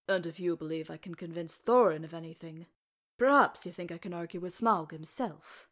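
A woman's voice: lowish voice, normal speed, lightly acted. A woman voicing a kindly, stubborn old deaf male dwarf healer with homely, folksy speech.

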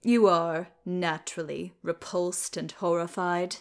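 A woman's voice: lowish voice, fairly even intonation, unhurried, clean tone. A fierce dwarf warrior with a sardonic edge, taunting and mocking his rival, as a woman reading a story voices him. Every line carries a smirk.

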